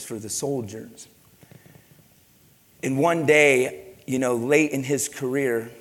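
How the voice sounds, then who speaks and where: Pastor preaching in a reverberant hall. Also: male voice, medium pitch. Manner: animated storytelling with many restarts and repeats. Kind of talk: sermon. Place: church sanctuary. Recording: long reverb of a church hall.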